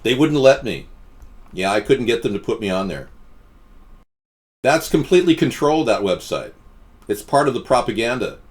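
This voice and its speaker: A man's voice: medium pitch, animated, normal speed, pauses often. A man hosting a casual live stream, rambling and answering chat comments with frequent restarts.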